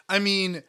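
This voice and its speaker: A man with a high, sharp, clear and resonant voice co-hosts a casual eating podcast. He chats with food in his mouth, rambling and restarting his sentences as he goes.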